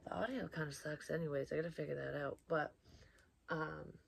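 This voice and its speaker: A woman's voice: deep voice, steady tone, brisk, creaky, breathy edge. A middle-aged woman who works as a psychic medium, telling a rambling, casual story and swearing freely. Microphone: built-in mic, external microphone not plugged in.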